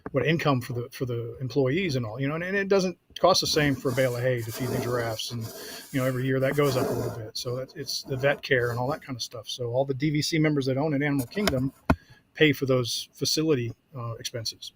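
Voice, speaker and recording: A man explaining things in casual conversation, halting with many fillers and restarts. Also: mid-range voice. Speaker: podcast guest, vacation club owner. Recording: crowd noise behind.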